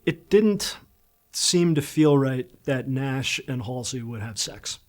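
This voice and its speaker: A man from the production discussing scenes in a thoughtful, halting way. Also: mid-range voice, lively intonation, a little mellow. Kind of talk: reflective commentary.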